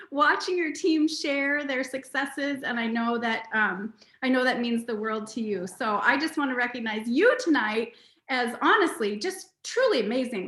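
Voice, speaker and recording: High-pitched woman gushing over her team on a video call, sounds like an echoey room. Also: pushed and bright. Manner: gushing, effusive, tearful at times. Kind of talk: emotional team recognition chat.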